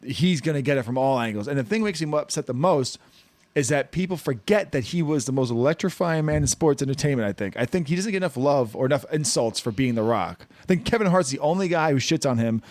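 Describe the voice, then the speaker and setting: A man's voice: mid-range voice, animated, quick pace, darkish tone, no echo. A man hosting a casual podcast chat, rambling and restarting sentences as he tells comedy stories. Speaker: podcast host.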